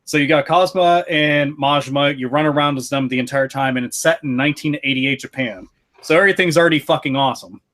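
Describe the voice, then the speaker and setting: A man hosting a podcast, telling excitable, profane stories in casual chat. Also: on the high side, quick pace. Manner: profane, excitable storytelling with frequent swearing. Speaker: podcast host reviewing a video game.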